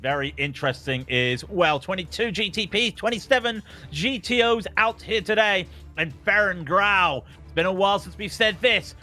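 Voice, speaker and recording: A man's voice: high-pitched, expressive, normal speed, sharp tone, faint music behind. A man commentating a sim racing broadcast, calling laps and reading out the starting grid with energy. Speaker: lead commentator.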